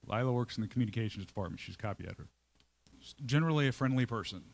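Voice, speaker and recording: Male company leader on stage, storytelling talk, conversational and animated, acts out his own thoughts, middle pitch. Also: rapid-fire, creaky. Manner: conversational, checks in with listeners. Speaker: CEO giving a talk. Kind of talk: storytelling talk to a live audience.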